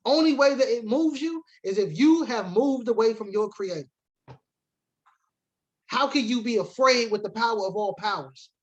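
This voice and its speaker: A man's voice: very high voice, normal speed, dull audio. A man teaching a sermon-style Bible lesson to a congregation, reading scripture aloud and defining words, switching between emphatic preaching and casual asides.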